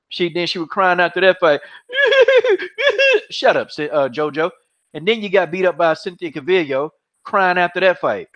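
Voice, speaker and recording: High-voiced mocking podcast host, lo-fi. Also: male voice. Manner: animated, mocking, repeats himself, swears freely. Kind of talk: heated casual MMA chat. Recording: dull, lo-fi podcast audio.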